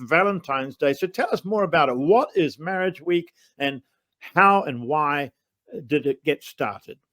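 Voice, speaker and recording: A man hosting an interview, gently prompting his guest with questions. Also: a little high, no echo. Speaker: interview host.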